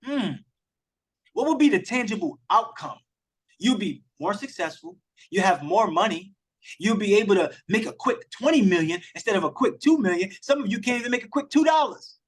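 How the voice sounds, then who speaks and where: A man hosts an online accountability call over video, giving a motivational coaching talk about mindset and selling. His voice sits high and is slightly rough, animated at a moderate pace, and he speaks with passion and emphasis, addressing the group directly.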